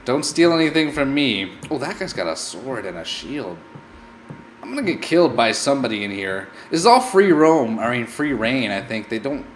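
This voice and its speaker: A man's voice: medium pitch, very animated, moderate pace, a bit bright, a little hiss or hum. A man hosting a let's play, narrating his gameplay with playful, mock-scared melodrama. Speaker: gaming channel host.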